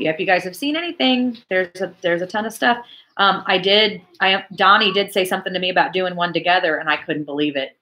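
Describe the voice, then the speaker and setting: A woman in her forties hosts a casual church livestream chat, reading viewer comments and chatting in an animated way. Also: lowish voice, fairly quick.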